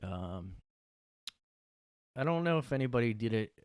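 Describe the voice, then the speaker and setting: A man's voice: medium pitch, lively intonation, measured pace, darkish tone, clear, resonant tone, no echo, studio quality. A man hosting a casual solo podcast, musing in an offhand way and trailing off. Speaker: podcast host.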